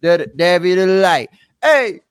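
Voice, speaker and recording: A man's voice: sits high, very animated, slow, smooth, dry recording. A man hosting a sports podcast in casual chat, rambling and joking with many restarts. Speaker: podcast host.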